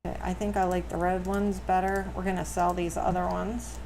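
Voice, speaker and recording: A woman's voice: flat delivery, a little fast, gravelly, noisy background. A middle-aged woman casually chatting as she plays a life simulation game on stream, cooing at her frightened cats now and then. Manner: chatty, talks to her pets in a high coo. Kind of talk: casual gameplay stream chat.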